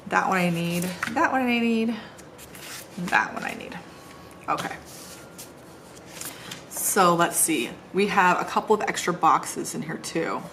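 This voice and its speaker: Seated on the floor at home with a noisy background around her, a middle-aged woman who vlogs about planners decorates one while rambling chattily. Her voice sits lowish, and she cracks self-deprecating jokes along the way.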